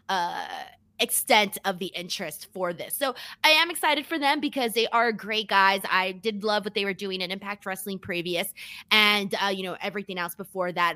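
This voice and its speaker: Woman, podcast co-host, casual chat, bright crisp tone, dry close sound. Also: mid-range voice, dry recording. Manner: chatty, heavy on fillers like "like" and "you know". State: running on little sleep.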